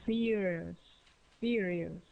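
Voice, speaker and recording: Halting woman student over a tinny call line. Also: fairly low pitch, gravelly. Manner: halting, searching for words. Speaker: student in an online English class. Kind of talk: answering in class. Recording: tinny phone-like call audio.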